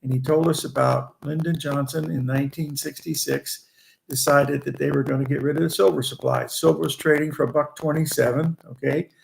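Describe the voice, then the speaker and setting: An older man in his eighties, originally from Indiana, recounts his early trading days in a loose, anecdotal way, often restarting phrases and chuckling as he goes. His voice is deeply gravelly and crackly, sitting a little high for a man. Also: fairly even intonation, brisk. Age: 80s. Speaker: guest, veteran trader. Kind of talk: rambling anecdotal storytelling.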